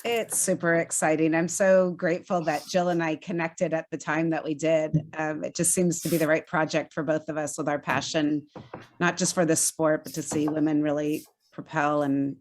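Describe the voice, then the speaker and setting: Female guest, low even voice, earnest and keen. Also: a little hiss or hum. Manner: earnest, enthusiastic, speaks in halting restarts. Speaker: documentary executive director. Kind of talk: podcast interview guest.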